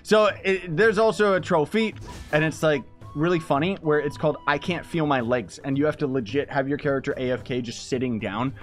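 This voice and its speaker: A man's voice: a little high, fairly quick, soft background music. A young man hosting a let's play, commenting on the game in a goofy, joking, casual way. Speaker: gaming channel host.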